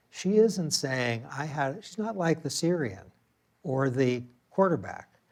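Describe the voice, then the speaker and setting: A man giving a public lecture in a room with an audience, telling a personal story in a conversational way with occasional fillers and restarts. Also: mid-range voice.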